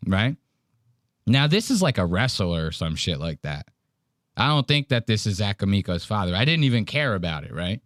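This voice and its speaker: A man's voice: fairly low pitch, sing-song, moderate pace, fairly bright tone, dry recording, studio quality. A man hosting a casual podcast, telling a story in a profane, mocking way. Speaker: podcast host.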